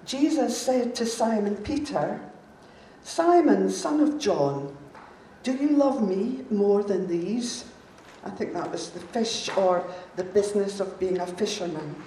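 A woman reading scripture aloud slowly and carefully. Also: mid-range voice, warm tone. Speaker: scripture reader. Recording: distant, echoey room with faint noise.

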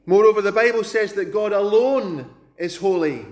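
A man with a notably high voice delivers a sermon. He speaks with emphatic conviction, repeats key words to drive them home, and slows deliberately when reading scripture aloud. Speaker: preacher.

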